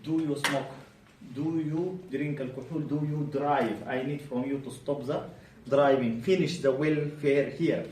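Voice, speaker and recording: A man's voice: a little high, a little slow. Man drilling medical students. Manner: animated, drilling students with repeated questions. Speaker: medical exam tutor. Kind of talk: bedside clinical teaching. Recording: roomy, distant, faint background hum.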